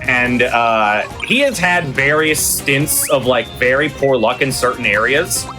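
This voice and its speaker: A man's voice: medium pitch, animated, unhurried. A man speedrunning live, telling rambling stories and explaining the game as he plays. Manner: rambling storyteller, many fillers. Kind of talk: casual live commentary while playing. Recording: game music behind the voice.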